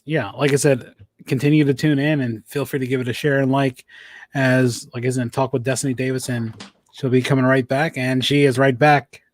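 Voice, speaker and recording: A man hosting a live-streamed sports podcast, asking long, rambling questions in a relaxed way. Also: mid-range voice, moderate pace, dry recording. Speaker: podcast host.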